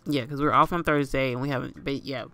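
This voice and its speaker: A woman's voice: a bass voice, steady tone, quick pace, fairly bright tone, no echo. A woman casually commentating her life-sim gameplay and chatting to her game characters as if they were family. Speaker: gaming channel host.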